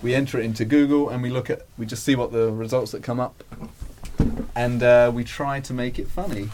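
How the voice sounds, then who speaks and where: A man's voice: medium pitch, steady tone, a little fast, a little mellow. A man hosting a casual comedy podcast, laughing and trying to keep the show on track. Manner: laughing, exasperated, keeps the show moving. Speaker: podcast host.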